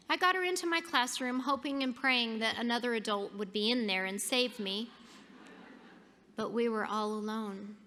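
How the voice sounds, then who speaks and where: Woman speaker, bright tone, fairly high voice, animated storytelling, big hall reverb. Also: moderate pace. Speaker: keynote speaker. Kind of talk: storytelling keynote speech.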